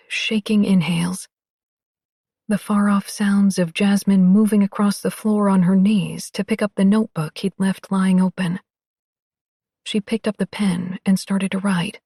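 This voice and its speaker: Breathy, intimate female audiobook narrator. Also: mid-range voice, no echo, clean studio sound. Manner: soft, intimate, measured. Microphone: close studio mic.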